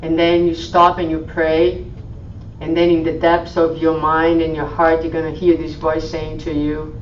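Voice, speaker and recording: A woman speaking at a spiritual meeting in a gentle, soothing sermon style, dropping to a hush when she quotes. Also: low voice, level tone, a little slow, slight background noise. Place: meeting hall. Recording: roomy, distant, dull live stream audio.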